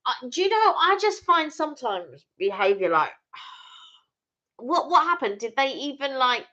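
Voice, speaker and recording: A woman's voice: high-pitched, measured pace. A woman co-hosting a live stream, chatting casually and teasing her partner. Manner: teasing, animated. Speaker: channel co-host. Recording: dull lo-fi stream audio.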